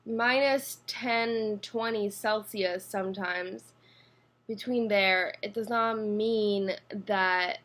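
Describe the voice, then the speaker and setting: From her apartment, a young woman from Switzerland with a Swiss accent talks slowly to camera in a mid-range, slightly bright voice. Her casual vlog rambles with fillers and restarts, recorded on a built-in computer mic.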